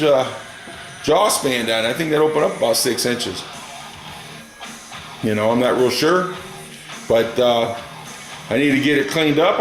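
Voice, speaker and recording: A man's voice: mid-range voice, echoey room. A middle-aged man chatting casually and rambling through a story in his home garage, folksy and drawling. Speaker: garage hobbyist vlogger. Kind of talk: casual workshop chat.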